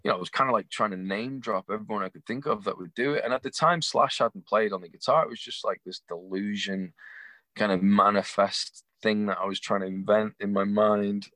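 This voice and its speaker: A young man telling a rambling, animated anecdote with laughs, acting out the voices of the people in it. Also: on the low side, brisk, no room sound. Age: young adult. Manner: acts out quoted voices. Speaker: guest. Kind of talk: casual storytelling.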